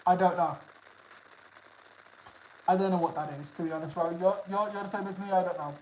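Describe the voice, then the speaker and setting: A man's voice: high voice, fairly even intonation, a little fast, darkish tone, slight background noise. A young man from the United Kingdom, chatting casually with his livestream viewers, swearing freely and repeating himself. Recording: roomy echo.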